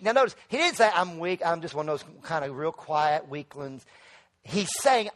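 A middle-aged male pastor preaching a sermon in church, calling on the congregation to answer back and building to loud emphatic peaks. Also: fairly high pitch, animated, normal speed. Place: church sanctuary.

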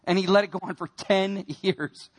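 High-voiced man giving an earnest testimony. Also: fairly even intonation, moderate pace. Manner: earnest storytelling, swinging between quiet and emphatic. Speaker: speaker giving a personal testimony. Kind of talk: emotional testimony sermon.

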